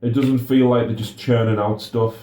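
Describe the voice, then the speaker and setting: A man's voice: medium pitch, flat delivery, moderate pace, dark tone, roomy sound, slight background noise. A young man chatting casually as co-host, often stammering and restarting his sentences. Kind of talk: casual chat.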